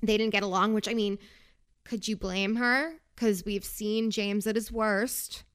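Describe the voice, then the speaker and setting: A young woman hosts a casual podcast, recapping a reality show in a chatty, sarcastic way and wandering off on tangents. Her medium-pitched voice is steady, smooth and a little slow.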